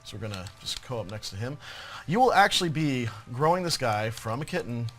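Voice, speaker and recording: A hoarse, throaty man presenting a live game demo with jokey enthusiasm. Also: mid-range voice, big pitch swings, fairly quick, fairly bright tone, slight background noise.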